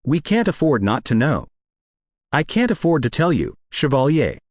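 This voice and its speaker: Man voicing woman therapist; firm, guarded, lively intonation. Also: fairly high pitch, moderate pace, no echo, clean studio sound.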